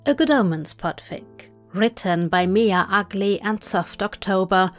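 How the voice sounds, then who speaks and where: A woman reading a fanfiction story aloud in measured, gently wry scripted narration. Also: medium pitch, faint music behind. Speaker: podfic reader.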